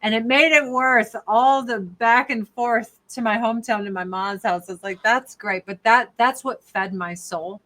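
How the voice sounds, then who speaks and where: Her voice runs on the high side, pushed and bright, moving at normal speed with hardly any pauses. She's an older woman guesting on a podcast by video call from the countryside, keeping the chat casual, candid, jokey, and full of swearing.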